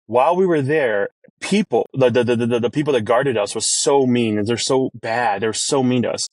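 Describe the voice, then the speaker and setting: A chef talking as a podcast guest, telling an emotional family story earnestly, with many restarts. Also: male voice, moderate pace, no echo. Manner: earnest, many restarts, rises in pitch when moved.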